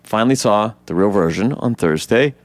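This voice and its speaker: A man co-hosting a podcast, casually retelling a movie scene by scene and jumping into high voices to act out the characters. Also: normal speed, dry recording. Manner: animated storyteller, acts out characters in high voices. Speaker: podcast co-host. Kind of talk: casual film recap chat.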